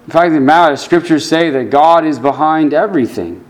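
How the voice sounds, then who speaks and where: A man preaching a sermon, earnest, dropping his voice low and soft when he quotes scripture. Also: moderate pace. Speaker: pastor.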